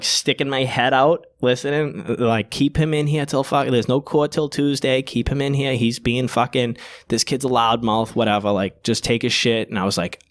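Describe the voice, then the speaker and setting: A young man from Boston, a podcast guest, telling a profane, animated story full of fillers in casual chat. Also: medium pitch.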